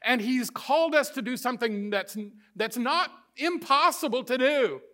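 Male pastor, middle-aged, sermon delivery; emphatic, builds with repetition, high and ringing tone. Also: normal speed, bright, forceful tone. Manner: emphatic, building repeated phrases.

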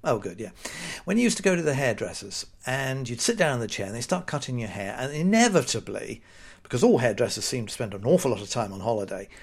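A British man hosts a solo podcast in a chatty, wry manner. His pitch rises and falls a lot as he mocks everyday phrases in put-on voices. His voice sits in the middle range for a man. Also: gravelly. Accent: British English. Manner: wry, sarcastic, chatty with mock-quoted voices. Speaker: podcast host. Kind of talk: casual solo podcast monologue.

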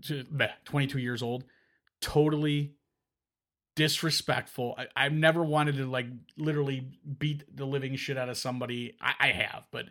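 A man hosting a casual podcast, telling stories in a rambling, animated way, with frequent restarts, into a podcast microphone. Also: medium pitch, normal speed. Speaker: podcast host. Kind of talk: casual chat.

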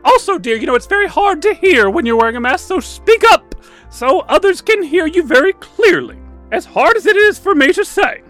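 A man's voice: extremely high pitch, animated, moderate pace, a bit bright, faint music behind, pitched above the performer's own voice. A man doing a prim, sweet old lady calling everyone dear. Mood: prim advising. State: a little out of breath. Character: prim, fussy old lady etiquette expert. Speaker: comedy sketch character. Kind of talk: comic sketch on a radio show.

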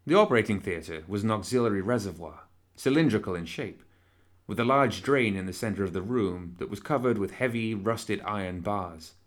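A man narrating a novel with a low, steady delivery. He paces the descriptive passages evenly and keeps his tone measured throughout. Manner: measured, even storytelling. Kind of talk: audiobook narration.

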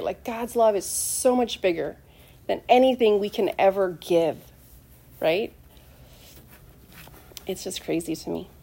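A woman's voice: medium pitch, warm tone. A middle-aged woman preaching a sermon in a heartfelt, conversational way, calling the congregation to answer amen. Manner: emotional, conversational, asks the congregation for amens.

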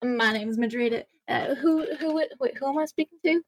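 A woman voicing a lively, folksy six-foot female elf cowgirl in a tabletop game, bubbly and eager. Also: sits high, normal speed, voice pushed up. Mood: excited.

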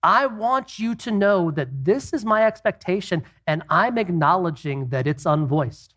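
A man talks about marriage from a Christian perspective in a relaxed, conversational teaching, his voice high and his pace measured. He asks plenty of rhetorical questions and slips in casual asides.

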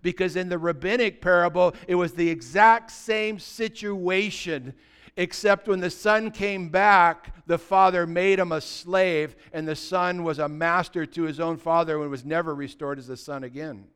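A man, a pastor preaching a sermon and telling stories, swinging from loud passages to hushed ones. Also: high voice, steady tone, normal speed, clean tone. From United States.

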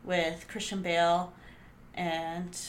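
A woman's voice: fairly low pitch, little pitch movement, slow, slight background noise. Chatty woman podcast co-host. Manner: chatty, swears casually, playful banter. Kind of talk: casual chat.

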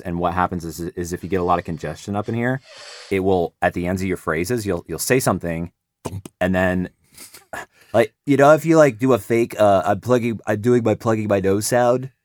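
A man's voice: low-pitched, no room sound, studio quality. A man, a voice actor, talking shop casually, rambling and breaking off mid-thought to demonstrate sounds. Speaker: voice actor guest.

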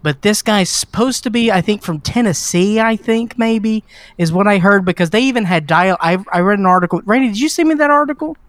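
A man's voice: sits high, animated, a little fast, a bit bright, no room sound. Wry, teasing man from Mississippi. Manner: wry, teasing, talks through with restarts. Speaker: podcast co-host. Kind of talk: casual film-podcast chat.

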